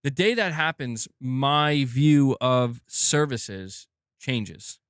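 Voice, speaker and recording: A man's voice: mid-range voice, expressive, very slow, a bit bright, clear, resonant tone, no room sound. Exasperated ranting man, dry close sound. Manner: exasperated, profane, rambling. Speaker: host of a gaming news stream. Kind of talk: casual streamed rant.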